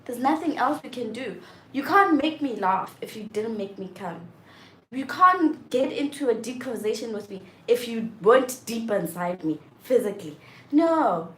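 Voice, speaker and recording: A young woman with a fairly high voice talks frankly in a casual chat, her points building into loud, animated exasperation. The room around her is echoey, with a faint hum of noise behind. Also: moderate pace. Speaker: vlogger. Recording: roomy echo with faint background noise.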